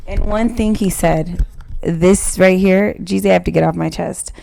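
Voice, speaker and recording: Gravelly low-voiced woman, blunt storyteller. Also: steady tone, moderate pace, dark tone, slight background noise. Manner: emotional, blunt storytelling with heavy swearing. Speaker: podcast guest. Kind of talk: candid casual chat.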